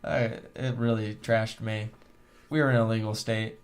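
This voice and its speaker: A man's voice: lowish voice, flat delivery, normal speed. A man co-hosting a casual podcast with friends, telling a rambling, profane story and laughing often. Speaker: podcast co-host.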